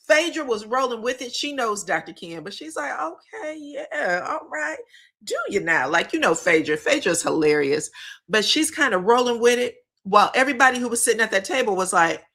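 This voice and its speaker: A woman with a bright, ringing voice talks through the latest reality TV drama in a loose, chatty way. She swears freely, laughs, and slips into quick impressions of the people she describes. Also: on the high side. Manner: animated, profane, laughs and mimics the people she talks about. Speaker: reality TV recap host. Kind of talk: casual gossip commentary.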